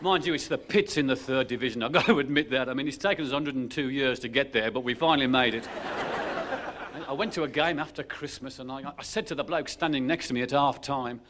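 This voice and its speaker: A man's voice: mid-range voice, quick pace, a crowd in the background. A man doing a live stand-up routine, chatty and wry, throwing in tag questions and asides. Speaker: stand-up comedian. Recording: loud hiss of an old VHS stage tape.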